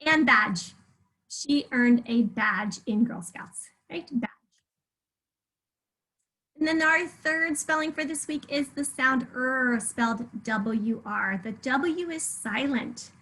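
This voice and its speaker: A woman teaching a remote spelling lesson to third graders, talking patiently and clearly with example sentences. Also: sits high, slow pace, bright, forceful tone, rough recording. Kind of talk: remote spelling lesson over shared slides.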